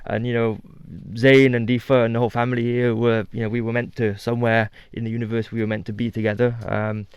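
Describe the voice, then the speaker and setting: Male guest in his thirties, from the UK; easygoing, filler-heavy talker with a smooth, dry voice. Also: medium pitch, little pitch movement, quick pace, few pauses, dry recording. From United Kingdom. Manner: chatty, many fillers and restarts. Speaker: guest TV host. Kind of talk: casual radio interview.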